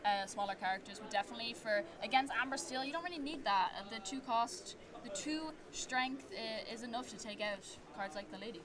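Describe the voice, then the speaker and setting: A woman with a high voice calls card game plays in a soft, hesitant way, with many fillers. A busy crowd murmurs behind her at this live event. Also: a little fast, few pauses. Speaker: tournament commentator.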